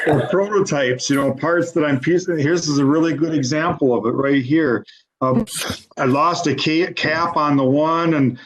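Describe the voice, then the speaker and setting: A man who makes pens talking haltingly, with many fillers, on a video call panel. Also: mid-range voice. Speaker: penmaker panelist. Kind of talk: casual panel discussion. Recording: dull, lo-fi audio.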